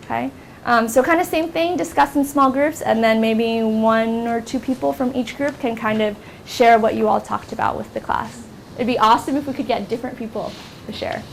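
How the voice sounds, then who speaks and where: Slight background noise accompanies this young American instructor as she runs a workshop class in a university room. Her slightly high, gravelly voice moves at a moderate pace, and her relaxed lecture is littered with ums and likes.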